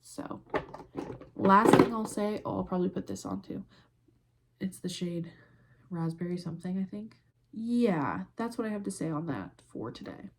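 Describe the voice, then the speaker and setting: A woman's voice: on the low side, animated, moderate pace, noisy background. Profane, heated young woman podcasting. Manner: does her makeup while talking. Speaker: podcast host. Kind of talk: casual ranting commentary.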